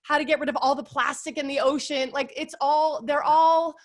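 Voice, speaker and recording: A woman's voice: high-pitched, fairly even intonation, normal speed. A woman in her forties, a guest on an interview podcast, talking in a casual, upbeat and earnest way with lots of filler words. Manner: upbeat, warm, earnest with lots of "like" and "you guys".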